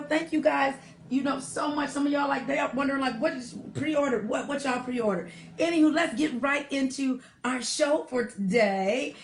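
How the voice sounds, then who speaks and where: A woman's voice: high voice, slight background noise. A woman hosting a live online show, chatting casually and affectionately with viewers, calling them darling and honey and saying y'all a lot. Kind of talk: casual livestream chat reading viewer shout-outs. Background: R&B song playing softly.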